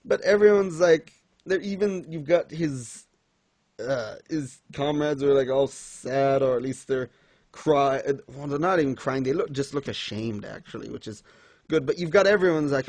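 A man's voice: mid-range voice, moderate pace, a little mellow, no room sound. A young man in casual chat, ranting in exasperation about a comic and mocking scenes in put-on voices. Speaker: podcast co-host reviewing manga.

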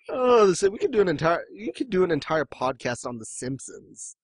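Male podcast host, raised pitch, dry close mic, easygoing and jokey. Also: big pitch swings, normal speed, hardly any pauses, husky, dry recording. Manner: chatty, jokey, breaks into quoted voices. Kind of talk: casual chat.

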